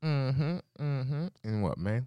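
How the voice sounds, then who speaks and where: A man's voice: medium pitch, expressive, takes it slowly, clear, resonant tone, dry recording, dull audio. A young man in casual chat, playful and teasing, who keeps slipping into imitations of other people. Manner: playful, teasing, slips into voices.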